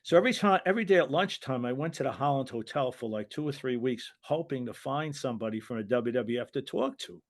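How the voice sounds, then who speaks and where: Talking fast and expressively with hardly any pauses, an older American man in a medium pitch shares long stories from his days as a wrestling referee. As the interview's guest, he rambles, restarts and acts out the voices he quotes.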